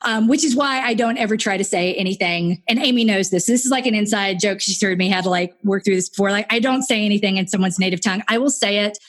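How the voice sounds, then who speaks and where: A woman hosting a podcast, chatting casually in an animated, rambling way. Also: mid-range voice, fast talker, hardly any pauses. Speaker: podcast host. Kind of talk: casual chat.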